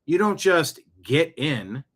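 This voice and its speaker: A man's voice: a little high, sing-song, slow pace, fairly bright tone. Indignant male news commentator. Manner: indignant, rhetorical questions. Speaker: show host.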